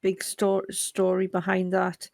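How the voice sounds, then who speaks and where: A woman's voice: medium pitch, completely flat delivery, a little slow, darkish tone, no echo. A woman talking as a player in a tabletop game, hesitant and searching for words. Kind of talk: casual chat in a tabletop game.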